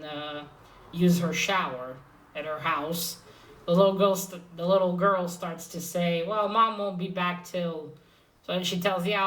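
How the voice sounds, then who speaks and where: A woman's voice: fairly low pitch, a bit bright, far from the mic, rough recording. A woman casually recapping a comic book issue, rambling and hesitant, with many fillers and restarts.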